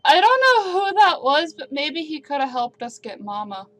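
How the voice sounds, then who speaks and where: A woman's voice: sits high, big pitch swings, moderate pace, fairly bright tone, pitched above the performer's own voice. A woman voicing an anxious young girl who speaks up in a pleading way. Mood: worried. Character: anxious young girl missing her mother.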